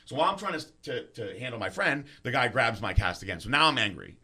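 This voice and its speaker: A man's voice: mid-range voice, fast talker, slightly rough. A man in casual chat, telling a story animatedly, acting out the other people's lines and swearing freely. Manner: animated, acts out quoted voices, swears freely.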